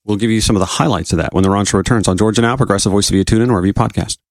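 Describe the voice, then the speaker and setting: A man's voice: on the low side, rapid-fire. A man hosting a political talk radio show, reading news quotes and adding his own commentary with rhetorical questions. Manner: animated, asks rhetorical questions.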